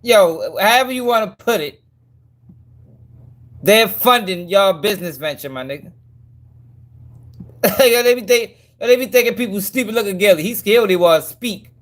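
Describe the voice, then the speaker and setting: A man's voice: sits high, lively intonation, moderate pace, long pauses. A man hosting a commentary channel, reacting to clips in a mocking, profane way with frequent laughs.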